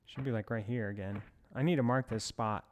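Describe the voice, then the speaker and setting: A man's voice: lowish voice, fairly even intonation, a little fast, darkish tone, a little hiss or hum. A man giving casual commentary as he plays a farming game, rambling with self-amused asides. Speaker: let's play host.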